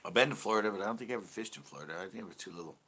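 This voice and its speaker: A man's voice: fairly low pitch, lively intonation, rapid-fire, sharp tone, breathy edge. A man from California, hosting a fishing channel in casual livestream chat, ranting loosely and swearing freely.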